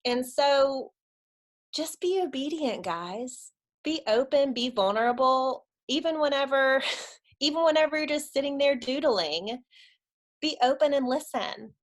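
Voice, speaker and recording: A woman's voice: high voice, expressive, measured pace. A woman, giving an earnest, conversational church talk to a webinar audience. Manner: earnest, conversational, addresses audience as guys and y'all. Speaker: church speaker on creativity.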